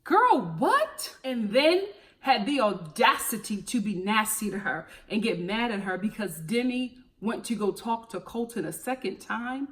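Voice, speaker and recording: A young woman with a Philadelphia accent giving a casual, opinionated TV recap, sassy and animated, calling people honey and girl. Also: medium pitch, moderate pace, few pauses. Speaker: TV recap vlogger.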